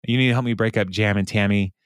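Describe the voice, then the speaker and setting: A man's voice: lowish voice, steady tone, clean tone, no room sound, studio quality. Laughing man recapping a sitcom episode. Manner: laughs often, quotes characters in quick bits. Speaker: podcast host recapping an episode. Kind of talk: casual recap chat.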